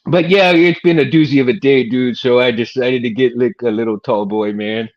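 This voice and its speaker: A man's voice: medium pitch, fairly even intonation, normal speed, muffled recording. Laid-back middle-aged man chatting on stream. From Texas. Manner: laid-back, rambling, laughs often, says "man" and "dude". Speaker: livestream host. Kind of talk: casual livestream chat.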